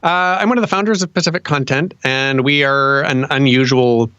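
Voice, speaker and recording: A man who founded a podcasting company, answering interview questions in a relaxed way with pauses to think. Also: mid-range voice, smooth, dry recording, lo-fi sound. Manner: relaxed, with frequent fillers and restarts.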